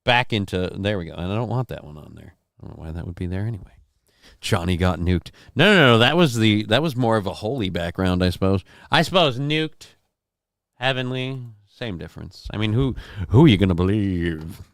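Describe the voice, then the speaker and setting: A man's voice: fairly low pitch, expressive, a little fast, dry recording, studio quality. A man hosting a casual livestream from home, reading out viewer comments in a rambling, profane, self-deprecating way. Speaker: livestream show host.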